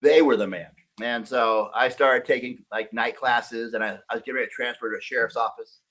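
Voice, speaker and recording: A man's voice: mid-range voice, steady tone, a little fast, a bit bright. Middle-aged man, plain mid voice, candid podcast guest, swears freely, recaps his life. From Northern California. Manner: candid, profane storytelling. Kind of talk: casual podcast conversation.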